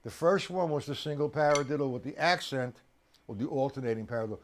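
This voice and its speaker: A man teaching drums on a live stream, chatty and coaxing, counting beats aloud with loud accents on the downbeats. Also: medium pitch, fast talker, a little hiss or hum. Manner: chatty, coaxing, addresses viewers directly. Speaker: drum teacher. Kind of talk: live-streamed drum lesson.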